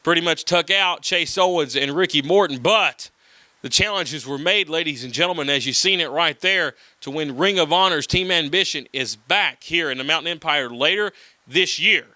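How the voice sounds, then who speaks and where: A man's voice: normal speed, bright, forceful tone, no room sound. A man hosting a wrestling television show, hyping past events and upcoming matches. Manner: hyped, announcer-style pitching.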